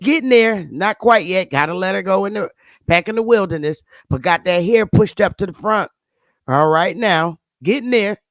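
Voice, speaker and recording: A woman's voice: medium pitch, moderate pace, no room sound. A woman hosting her channel, giving blunt, sarcastic casual commentary on pictures and scolding her viewers. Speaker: channel host.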